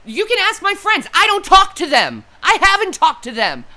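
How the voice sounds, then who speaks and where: Fiery, high-voiced woman ranting on a livestream. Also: huge pitch swings, moderate pace, sharp tone. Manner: furious, profane and tearful, repeating herself. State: grieving and upset. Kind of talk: angry unscripted livestream rant.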